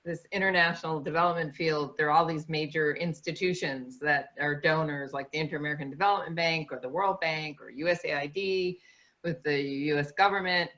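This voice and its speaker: A woman adding her own reflections at a talk, in a measured, thoughtful way. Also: low-pitched, steady tone, fairly bright tone. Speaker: co-speaker. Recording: dull lo-fi recording.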